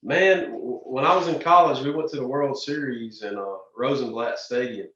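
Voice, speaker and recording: A man's voice: medium pitch, normal speed. Man telling stories, distant and roomy. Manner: animated storyteller, frequent restarts and "man". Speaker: drag racer and podcast guest. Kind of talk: casual storytelling interview. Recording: distant, roomy, dull lo-fi sound.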